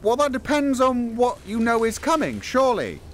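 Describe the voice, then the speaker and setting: A man giving playful, excitable running commentary while playing a VR game, chatting to a companion through a headset mic. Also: very high-pitched, normal speed, a little hiss or hum. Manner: excitable, jokey asides. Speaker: gaming streamer. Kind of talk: casual VR gameplay commentary.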